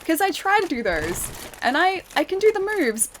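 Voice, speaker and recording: A woman's voice: high-pitched, big pitch swings, normal speed, a little hiss or hum. An Australian woman streaming a game, chatting casually with her viewers, reading out their comments and reacting to the fight with frequent laughs. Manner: chatty, laughs often, reads chat aloud and reacts to the fight. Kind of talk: casual live-stream chat while gaming. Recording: game music clear behind the voice. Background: game music.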